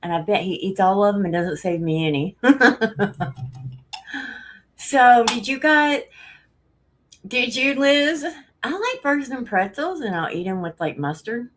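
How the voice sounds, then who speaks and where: A woman's voice: mid-range voice, unhurried, pauses often. A woman hosting a casual live stream, out of breath, rambling and laughing often as she greets viewers.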